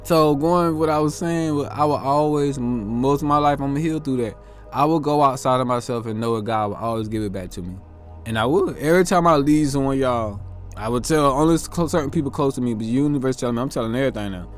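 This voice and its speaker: A man's voice: mid-range voice, quick pace, faint music behind. A man hosting a reflective motivational monologue, earnest and self-questioning, drawing out his words as he muses. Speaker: host.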